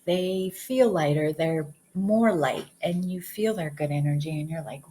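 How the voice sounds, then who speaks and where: Earnest woman with a lowish voice. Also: measured pace, warm tone, husky, rough recording. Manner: earnest, encouraging, repeats words. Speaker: hypnosis practitioner. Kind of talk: casual spiritual talk.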